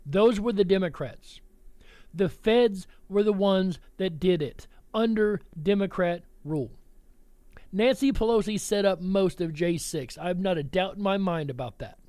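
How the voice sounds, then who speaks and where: Male commentary host, high voice, combative, dry booth sound. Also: a little slow, a little mellow, no echo. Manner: blunt, combative, talks straight to listeners as folks. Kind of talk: political commentary show.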